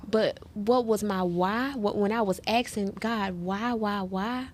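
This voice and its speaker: A woman's voice: mid-range voice, unhurried, slight background noise. A woman sharing her personal story as a guest in an interview, earnest and heartfelt, often turning to speak straight to the listeners.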